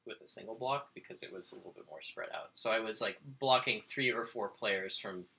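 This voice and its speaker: Low gravelly young man, analytical. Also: fairly quick, pushed and bright. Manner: thoughtful, analytical. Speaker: co-host. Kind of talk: casual board game review chat.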